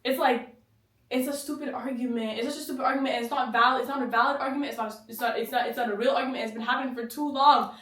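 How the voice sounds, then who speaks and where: A young woman co-hosting a casual podcast chat, animated and joking, often trailing off and restarting. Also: high voice, fast. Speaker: podcast co-host. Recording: roomy echo, mic at a distance.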